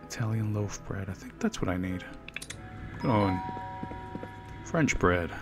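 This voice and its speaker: A man narrates his gameplay in a relaxed let's play, cracking jokes and greeting the game's characters as if they could hear him. He takes his time between phrases, yet his voice leaps up and down with lively swings. Faint game music plays quietly behind him. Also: sits low, a little slow. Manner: jokey, chatting to game characters and to himself. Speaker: gaming video host. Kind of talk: casual let's play commentary.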